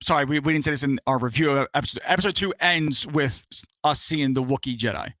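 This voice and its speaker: A man co-hosting a casual show-review stream, energetic, joking and profane. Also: fairly high pitch, fast talker, dry recording. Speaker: podcast co-host.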